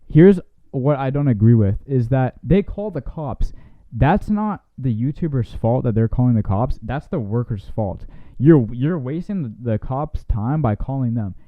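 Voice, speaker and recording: A man's voice: mid-range voice, dry recording. Young man on a tinny line. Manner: rambling, swears freely, retells clips with acted quotes. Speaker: podcast co-host. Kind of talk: casual podcast chat. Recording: dry, tinny phone-like sound.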